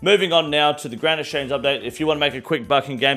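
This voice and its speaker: A man's voice: mid-range voice, fast, hardly any pauses, bright, forceful tone, soft background music. A man hosting a casual game news show, blunt and boastful, swearing freely. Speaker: host.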